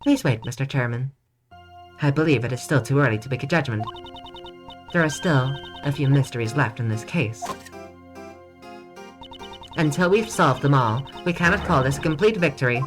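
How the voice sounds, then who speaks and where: A woman's voice: rumbling low, moderate pace, long pauses, over music. Woman reading a composed formal judge.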